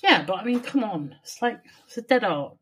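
A woman's voice: medium pitch, lively intonation, a little fast, very noisy. A woman co-hosting a podcast in casual chat, teasing and sarcastic, with casual swearing. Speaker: podcast co-host.

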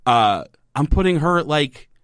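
A man's voice: on the high side, moderate pace, smooth, no room sound. Chatty man rambling through a show recap. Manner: rambling, animated retelling with put-on quotes. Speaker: podcast co-host. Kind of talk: casual chat recapping a TV show.

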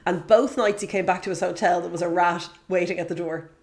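A woman's voice: fairly low pitch, fairly even intonation, fairly quick. A woman co-hosting a podcast, chatting casually and telling travel anecdotes. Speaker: podcast co-host. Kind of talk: casual chat.

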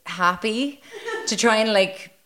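A woman's voice: medium pitch, takes it slowly, fairly bright tone. Brief: Irish woman, live podcast host, giggly sarcastic storyteller. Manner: giggly, reads quotes aloud with sarcastic asides. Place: live show stage.

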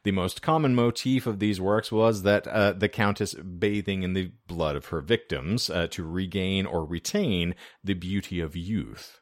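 A man's voice: deep voice, unhurried, few pauses, dry recording, clean studio sound. A man co-hosting a casual podcast, walking through his research notes in a wry, chatty way with lots of fillers. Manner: wry, conversational, with frequent fillers. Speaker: podcast co-host presenting the episode's research. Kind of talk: casual podcast history talk, partly read from notes. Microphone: remote call setup.

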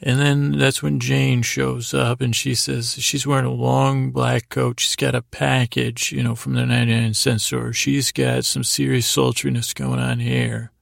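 A man hosting a sleep podcast, giving a meandering, halting bedtime recap full of restarts. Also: mid-range voice, level tone, vocal fry, no room sound, clean studio sound.

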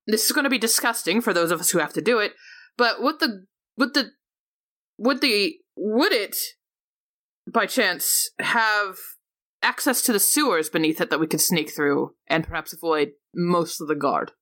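A woman's voice: mid-range voice, normal speed, fairly bright tone. A woman playing a tabletop game, asking questions and planning moves. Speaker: player. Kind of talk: casual tabletop game chat.

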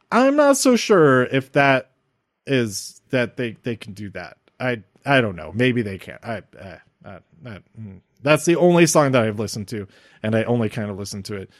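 A man's voice: mid-range voice, no echo, studio quality. A man giving a casual, enthusiastic and rambling recap of a wrestling show as its reviewer. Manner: enthusiastic, rambling fan talk.

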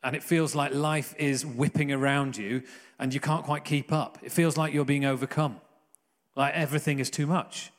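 A man's voice: medium pitch, steady tone, moderate pace, in a large hall. A man preaching a sermon, earnest and conversational, with jokey asides.

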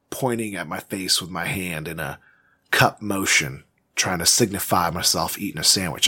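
A man's voice: deep voice, pushed and bright, slightly rough. A man playing a comic character in a tabletop role-playing game, rambling and hesitant. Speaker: player.

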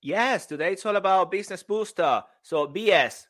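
Excitable male podcast co-host. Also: sits high, normal speed. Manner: excitable, teasing, laughs a lot. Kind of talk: casual banter.

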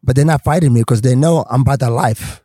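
A man, a comedian guest, telling a story on a podcast in an animated, swearing manner. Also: mid-range voice, fast talker, breathy edge, no room sound.

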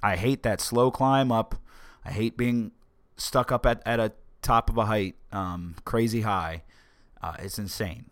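A man hosting a casual podcast, telling a story with wry asides and acting out quoted lines with sudden jumps in pitch. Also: measured pace, no echo. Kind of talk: casual storytelling and political commentary.

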